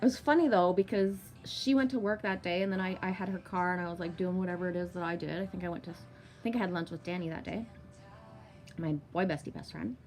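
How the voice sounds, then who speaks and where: A woman's voice: lowish voice, fairly even intonation, quick pace, a little mellow, soft background music. A woman in her thirties telling a long personal story in a chatty vlog, swearing freely and using many fillers. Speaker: vlogger. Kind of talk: casual storytelling monologue.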